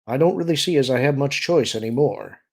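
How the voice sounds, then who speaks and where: A man's voice: medium pitch, lively intonation, fairly quick, a little mellow, pitched above the performer's own voice. Shrewd smuggler chief, voiced by a male reader: calculating, persuasive, some grit in the voice.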